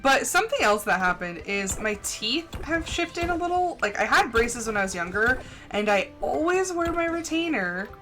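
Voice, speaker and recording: A young woman streaming a farming game, chatting fast and casually with a slight lisp and lots of "like". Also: fairly high pitch, very animated, fairly bright tone. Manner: chatty, fast, says "like" a lot. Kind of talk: casual chat while gaming. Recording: faint music underneath.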